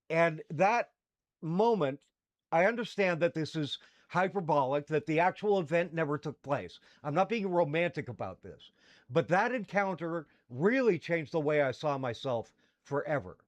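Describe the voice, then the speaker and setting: A middle-aged man with a somewhat high-pitched voice. He hosts a talk show and tells his own story in a candid, rambling way, full of fillers and restarts. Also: expressive, moderate pace. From Canada. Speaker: podcast host. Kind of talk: personal storytelling.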